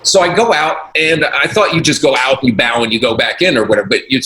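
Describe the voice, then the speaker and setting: A man's voice: mid-range voice, fast talker. A man, a comedian, telling a story in casual chat and acting out the voices of the people in it. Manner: animated, acts out quoted voices, laughs often. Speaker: comedian guest. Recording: roomy echo, faint noise.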